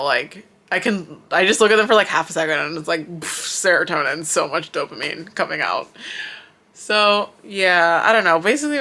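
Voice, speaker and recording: A young adult vlogger in Japan speaks to the camera in a mid-range, bright, forceful voice. Teary and emotional, she gushes and rambles in fan vlog talk, packed with fillers and lots of "likes."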